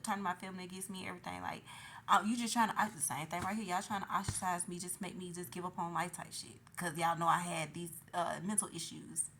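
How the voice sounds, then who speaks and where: A woman from Atlanta, telling a story to camera in a loud, profane, animated monologue that swings between shouting and hushed asides. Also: fairly low pitch, fairly quick. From Atlanta, USA. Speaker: vlogger. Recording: noisy background.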